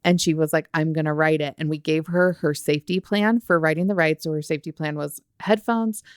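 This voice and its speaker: A woman's voice: low voice, a little fast, clean tone, no echo, studio quality. A woman on a podcast, earnestly telling a story about helping her child through anxiety, in casual conversation. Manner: earnest, storytelling, warm retelling of dialogue. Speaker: mother sharing a parenting story.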